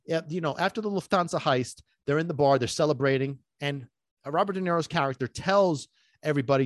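A man's voice: on the high side, a little fast, dry recording, studio quality. A man hosting a dog-training podcast in a casual, chatty monologue, full of rhetorical questions and asides.

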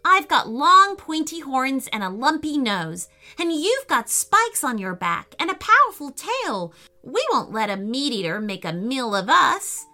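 Storybook kid voice: woman reading as a bright, eager young boy, lively pitch. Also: unhurried, hardly any pauses, soft background music, heavily acted. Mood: excited. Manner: high, eager and excited. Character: young boy Chase, excitable dinosaur fan.

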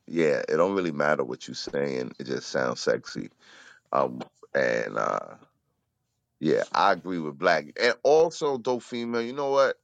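A man co-hosts a spoken word podcast, joking around in slangy, casual chat. His voice is very deep but moves lively up and down. The sound is dry and close. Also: vocal fry, dry recording, muffled recording. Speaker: podcast co-host.

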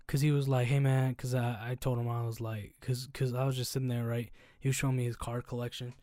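A young man co-hosting a casual podcast, telling animated stories full of slang and "bro". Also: mid-range voice, fast talker, dry recording, clean studio sound. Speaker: podcast co-host.

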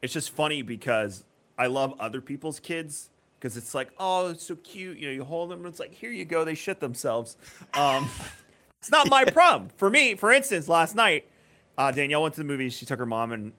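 Man in his thirties, podcast co-host, bright tone, animated storyteller, swears freely. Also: medium pitch, brisk. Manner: animated storyteller who acts out voices loudly. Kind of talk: casual chat.

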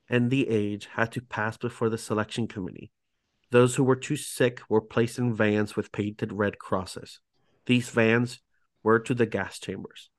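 A man hosting a podcast reads from his notes in a mid-range voice, breaking off into casual, self-mocking asides whenever a foreign word trips him up. The sound is close and dry, with no room echo. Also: medium pitch. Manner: stumbles over foreign words, self-mocking. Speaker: podcast host. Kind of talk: reading prepared narration with casual asides.

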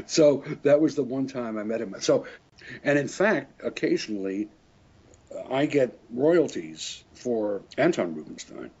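A man's voice: medium pitch, expressive, a little slow, a little mellow, breathy edge. An older man, a French horn player, telling rambling anecdotes in a casual interview, often chuckling and correcting himself. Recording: dull lo-fi recording.

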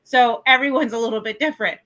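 A woman's voice: on the high side, fast, a bit bright, poor audio. A woman co-hosting a podcast in casual chat, chatty and blunt, swearing freely. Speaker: podcast co-host.

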